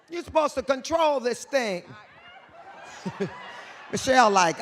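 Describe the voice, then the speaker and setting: A woman telling stories live on a theater stage, loud and bawdy. Her voice sits high and bright, and it leaps around a lot. She drops from shouting to a hushed whisper and back. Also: wildly swooping pitch, normal speed, a little hiss or hum. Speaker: author and guest speaker. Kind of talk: animated live stage talk. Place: theater stage before an audience.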